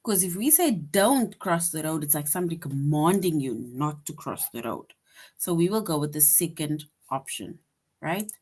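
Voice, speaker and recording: A woman teaching a lesson to young children, patient and slow, reading example sentences aloud with emphasis and checking in often with "right?". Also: low voice, sing-song, warm tone, breathy edge.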